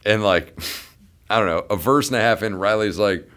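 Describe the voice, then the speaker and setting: A man's voice: on the low side, normal speed. A man in his thirties, a bandleader, telling a casual, profane story among friends and acting out the voices in it. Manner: animated, profane, acts out quoted voices. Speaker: bandleader and musician.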